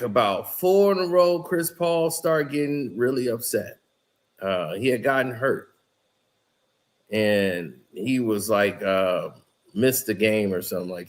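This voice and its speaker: A man giving casual, rambling basketball commentary, telling the story in a loose way with lots of "you know" and "like". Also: mid-range voice.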